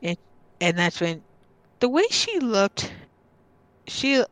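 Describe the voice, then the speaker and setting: A woman's voice: medium pitch, big pitch swings, slow pace, no room sound. A woman guest casually telling a true story from her childhood, rambling with lots of fillers and acting out what others said. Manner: rambling, filler-heavy, acts out quoted voices.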